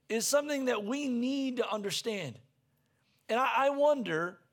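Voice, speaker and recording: In a high voice, a pastor delivers an earnest, conversational sermon. He repeats himself while searching for words and climbs close to a shout when moved.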